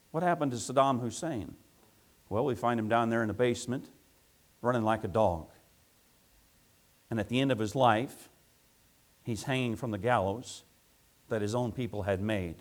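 A man preaching a sermon as pastor, building to loud emphatic peaks and asking rhetorical questions. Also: mid-range voice, normal speed, pauses often.

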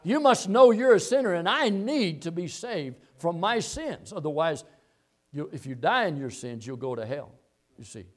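A male preacher delivers a sermon with a high, animated voice. He sinks into hushed, low asides, then climbs to loud, fervent declarations. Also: moderate pace. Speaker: pastor.

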